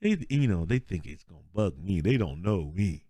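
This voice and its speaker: This man's voice sits low and sounds husky, moving at a normal speed in a dry recording. He co-hosts a laid-back sports podcast, telling animated stories full of laughter and acting out people's quotes.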